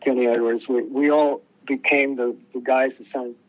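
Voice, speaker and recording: A man's voice: mid-range voice, steady tone, normal speed. An older man, a musician guest, telling stories casually in a rambling way, often restarting his sentences and acting out quotes. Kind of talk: casual storytelling interview. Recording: muffled lo-fi radio sound.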